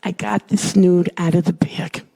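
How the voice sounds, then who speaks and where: Gravelly husky woman telling a story slowly. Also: fairly low pitch, fairly even intonation, dark tone. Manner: dramatic, rises to cries and drops to whispers. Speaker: storyteller recounting a hospital ordeal. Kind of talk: emotional personal testimony.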